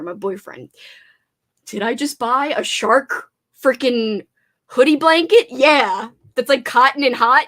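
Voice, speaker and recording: Young woman, livestream host, bubbly, reads and answers chat, slightly high voice. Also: a bit bright. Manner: bubbly, reads viewer comments aloud and replies.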